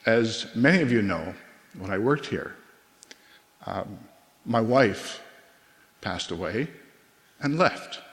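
A middle-aged man preaching a sermon as a pastor, earnest and conversational, with pauses and restarts. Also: fairly low pitch, animated, fairly bright tone. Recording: long reverb of a hall.

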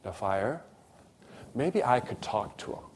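A man's voice: medium pitch, expressive, slow pace, a little mellow, slightly rough. A man delivers a sermon in a mid-range voice, weaving a personal story into his preaching. He acts out the voices in the dialogue with animation.

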